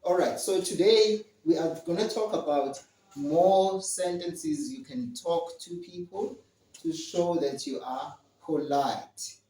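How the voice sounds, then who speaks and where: A man's voice: sits high, animated, dark tone, distant mic, a little hiss or hum. Male English teacher for first graders, drilling phrases with repetition, recorded roomy and off-mic. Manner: slow, repetitive drilling, frequent "all right". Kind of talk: online lesson for young learners.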